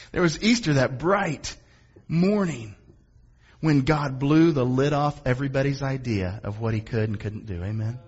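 A high-pitched male pastor preaching with lively, rising emphasis. He keeps asking the congregation to respond. The recording is a bit muffled and lo-fi. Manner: animated preaching with call-and-response asks of the congregation. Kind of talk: sermon.

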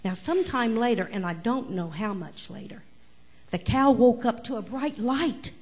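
A woman tells a story to children during a church service. Her voice sits a little high, and she speaks with lively, animated energy that draws the kids in. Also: moderate pace, husky. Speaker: children's message presenter.

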